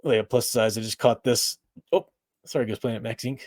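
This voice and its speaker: A man's voice: medium pitch, fairly even intonation, moderate pace, darkish tone, no echo, studio quality. A middle-aged man hosting a live stream, giving his blunt opinions in casual chat and laughing at his own remarks.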